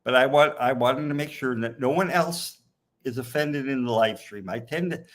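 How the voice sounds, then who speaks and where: A man's voice: medium pitch, moderate pace. A man in his sixties hosting a casual live stream chat, teasing his friends. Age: 60s. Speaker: host.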